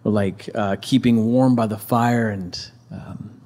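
A man's voice: fairly low pitch, steady tone, unhurried, darkish tone. A man casually retelling a scripture story as a preacher, conversational, with many fillers and restarts.

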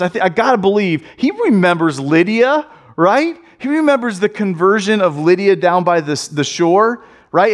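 A man preaching a sermon in a casual, conversational way, often repeating phrases for emphasis. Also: high-pitched. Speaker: pastor.

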